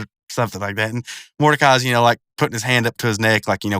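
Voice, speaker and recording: A man talking through a cartoon episode in a loose, rambling way, with lots of "uh"s and half-finished sentences. His voice is bright and crisp, at a middle pitch for a man. The sound is close and dry, with no room around it. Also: quick pace, no echo. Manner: rambling, many fillers and restarts. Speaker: video commentator. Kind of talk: casual episode commentary.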